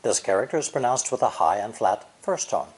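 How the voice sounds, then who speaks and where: A man gives a scripted language lesson, his pitch rising and falling in a lively way as he explains. He speaks in a measured, deliberate way and models each sound as he goes. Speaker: language teacher.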